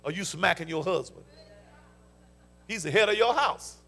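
High gravelly preacher in full call-and-response. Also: male voice, animated, moderate pace, sharp tone. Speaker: pastor. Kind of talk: sermon. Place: church sanctuary.

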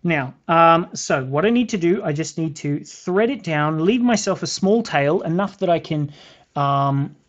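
A man's voice: a little high, lively intonation, unhurried. Chatty British man teaching beadwork live. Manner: chatty, counts beads aloud, talks to viewers. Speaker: beading tutorial host. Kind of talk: live craft tutorial, casual chat. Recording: slightly dull lo-fi sound.

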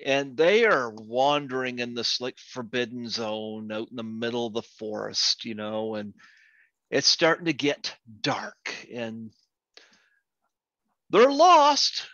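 A man hosting a podcast who tells long jokes at a slow, unhurried pace and laughs along with them. His voice is bright and forward. The sound is dull and lo-fi, in a very dry space. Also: mid-range voice, no echo. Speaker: podcast host. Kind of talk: casual chat, telling jokes.

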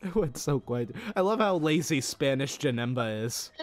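A man's voice: medium pitch, animated, normal speed. A man playing a fighting game with a friend, teasing him and laughing often. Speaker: gaming co-host. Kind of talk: casual gameplay banter.

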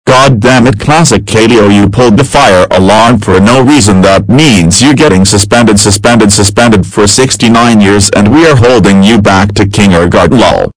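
A male text-to-speech voice playing a foul-mouthed, furious cartoon father in a crude, rambling monotone. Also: lowish voice, moderate pace, few pauses, dry recording, natural voice, rough recording. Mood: angry. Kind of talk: grounded-video text-to-speech voice.

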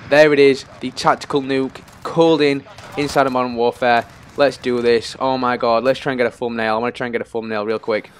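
A young-sounding man talks through a tense match as he plays it. He swings between anxious pleading and loud excitement, with his voice at a middling pitch and a faint hiss behind it. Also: fairly quick, hardly any pauses. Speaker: gaming YouTuber. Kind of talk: live gameplay commentary.

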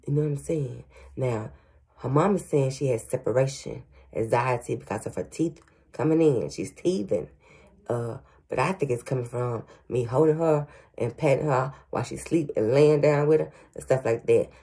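A woman's voice: rumbling low, normal speed, warm tone. A grandmother working as a psychic medium, giving a casual reading to viewers with frequent stutters, fillers and "y'all". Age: older.

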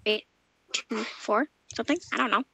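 High bright excitable gamer woman. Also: moderate pace, vocal fry, slightly rough, dry recording. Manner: excitable, squealing and giggly. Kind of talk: casual gameplay chat.

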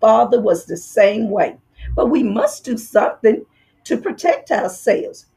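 A woman voicing a kindly, careful male mouse dentist in a storybook read-aloud, speaking high, firm and precise. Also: sing-song, unhurried, creaky, dark tone, husky, exaggerated voice.

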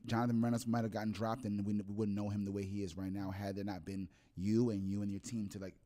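A man's voice: fairly low pitch, flat delivery, quick pace, mellow. A man hosting a podcast in a casual chat, encouraging his guest with lots of short agreement. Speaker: podcast host.

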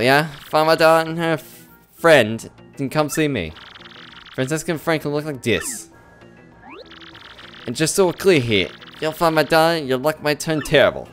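A man voicing a gruff, menacing male tree-creature mob boss with a put-on mobster accent, reading game dialogue in character. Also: a little high, lightly acted. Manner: tough-guy gangster slang, threatening.

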